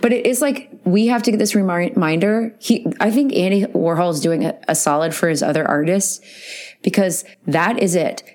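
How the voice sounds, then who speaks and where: Woman, podcast co-host, lowish voice, excitable, laughs mid-sentence. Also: normal speed. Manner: excitable, laughs through her words. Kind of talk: casual chat.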